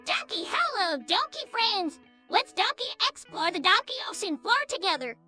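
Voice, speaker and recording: Synthetic female voice of a perky high squirrel. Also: big pitch swings, moderate pace, bright, forceful tone, faint music behind, full character voice. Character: cheerful clever female cartoon squirrel.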